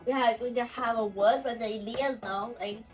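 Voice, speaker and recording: A woman's voice: a little high, steady tone, soft background music. Woman going over pronunciation, says each word a bunch of times, sounds far from the mic. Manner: slow and repetitive, saying example words over and over. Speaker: language teacher. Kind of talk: explaining pronunciation.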